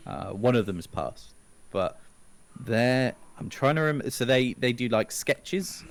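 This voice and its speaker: A man's voice: medium pitch, expressive, unhurried. A man from England with a BBC-style southern English accent, explaining patiently in a casual chat and searching aloud for words. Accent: southern English standard (BBC-style). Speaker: podcast co-host.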